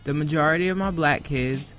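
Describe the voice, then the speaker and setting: A woman talking in a casual roundtable, rambling and restarting as she tells stories. Her voice is bright and forceful, and faint music sits underneath. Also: sits low, brisk. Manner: rambling, self-correcting storyteller.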